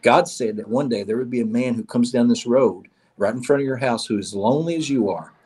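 A man's voice: mid-range voice, brisk, darkish tone, husky, lightly acted. A man telling a parable as a lonely, hungry traveler. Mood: earnest.

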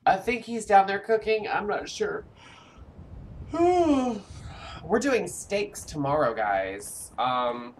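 A very tired game streamer, half asleep, keeps up live gameplay commentary and rambling chat with viewers over background music. His medium-pitched voice comes with a little hiss or hum on the recording.

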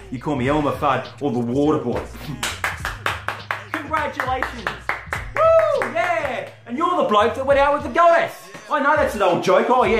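A man snarling a crude, taunting wrestling promo. He stutters now and then, and his pitch swings widely as he mocks. The room sounds echoey, with faint music underneath. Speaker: wrestling character cutting a promo. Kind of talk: trash-talk promo. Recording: roomy with faint music behind.

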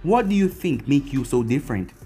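A man's voice: mid-range voice, very animated, fairly quick, mellow, husky, faint music behind, exaggerated voice. Man doing a pompous giant demon overlord. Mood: lordly. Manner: pompous, lordly. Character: enormous demonic male overlord, proud and grand.

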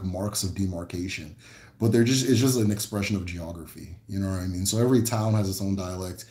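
A man from the American Midwest hosting a casual livestream, answering viewer questions in a relaxed, rambling way with many fillers and restarts. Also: on the low side, echoey room.

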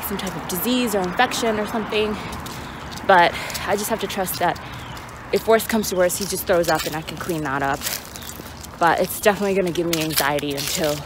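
A woman chatting casually in a vlog while walking her dog outside, rambling with lots of fillers. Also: fairly low pitch. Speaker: vlogger. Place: outdoors in a parking lot, walking a dog. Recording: noisy outdoor recording.

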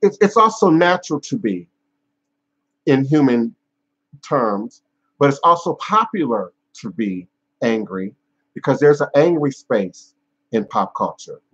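A man with a husky, slightly breathy voice hosts a live stream as a spiritual teacher. He speaks in a measured, emphatic way, stacking repeated phrases and pausing on fillers. The audio is dull and lo-fi. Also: mid-range voice, sing-song, fairly bright tone. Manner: frequent fillers and restarts. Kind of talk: unscripted live-stream talk.

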